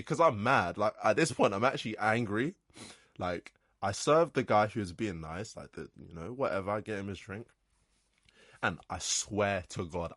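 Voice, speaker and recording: Young man, lowish voice, dry close sound, casual sweary podcast storyteller. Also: no room sound. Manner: animated ranting, frequent swearing and "like". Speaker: podcast host.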